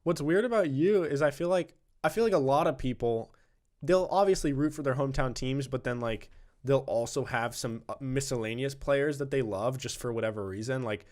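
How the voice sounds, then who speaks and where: A young man chatting loosely on a podcast with friends. His voice sits at a middle pitch, and he rambles and restarts as he talks. He laughs easily between thoughts. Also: fairly quick, a little mellow. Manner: rambling, hesitant, laughs often. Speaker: podcast co-host. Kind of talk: casual chat.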